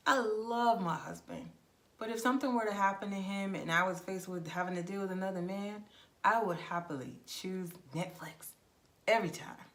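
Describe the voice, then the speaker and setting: A woman talks straight to the camera as a travel vlogger. She is frank and direct, with an animated, conversational delivery. Her voice sits in an ordinary middle pitch. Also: normal speed. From United States. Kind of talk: casual advice monologue.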